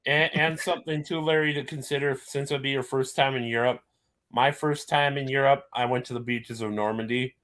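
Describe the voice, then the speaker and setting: A man's voice: mid-range voice, steady tone, brisk, fairly bright tone. Easygoing man chatting casually. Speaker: co-host. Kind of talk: casual chat.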